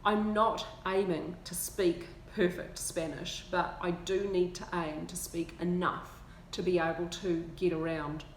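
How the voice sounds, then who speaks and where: A woman's voice: lowish voice, steady tone, unhurried. Woman, New Zealand accent, casual vlog chat, self-mocking, laughs often, roomy sound, faint background hum. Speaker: vlogger. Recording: roomy with faint ambient noise.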